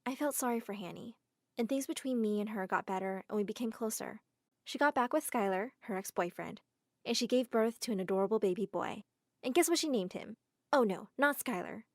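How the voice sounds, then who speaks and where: A woman narrating a first-person animated drama story in a dramatic, exclaiming manner. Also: on the high side, dry recording, clean studio sound. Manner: dramatic, exclaiming, quick shifts to emotional outbursts.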